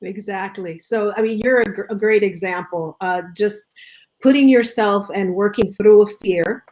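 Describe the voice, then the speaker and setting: A woman's voice: medium pitch, moderate pace, darkish tone, low-quality recording. A woman with a mid-range voice hosts an interview. She talks in a supportive, reflective way, summing up what her guest has shared before asking the next question. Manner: affirming, reflective summarizing. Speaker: interview host. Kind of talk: casual interview.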